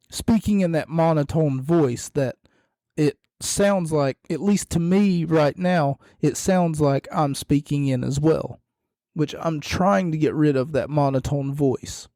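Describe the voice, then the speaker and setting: A hoarse man with a frog in his throat hosts a podcast, talking in a rambling, casual way with wry, self-deprecating jokes. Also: a little high, measured pace, warm tone, no echo, clean studio sound. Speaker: podcast host.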